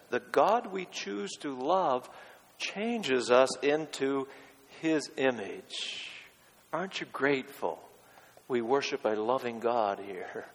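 A male pastor preaching a sermon, pressing hard on key words and dropping to a hush for quotes. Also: medium pitch, big-room sound, poor audio. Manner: emphatic, swinging from loud stresses to hushed quotes.

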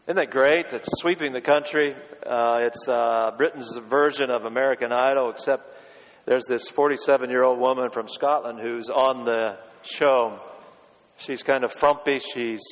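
A male pastor preaching a sermon, pressing hard on key words and dropping to a hush for quotes. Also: medium pitch, big-room sound, rough recording. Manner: emphatic, swinging from loud stresses to hushed quotes.

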